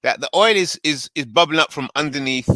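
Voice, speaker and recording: A man hosting a casual panel discussion, animated and laughing often as he acts out voices while he paraphrases. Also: on the high side, a little fast, dry recording, poor audio.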